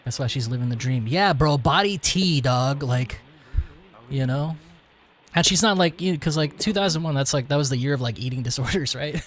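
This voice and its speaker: A young man in his twenties streams a game and chats along loosely in a rambling, slangy way, swearing often and calling his viewers "bro." His voice sits at an ordinary middle pitch. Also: normal speed, fairly bright tone. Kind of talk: casual let's-play commentary.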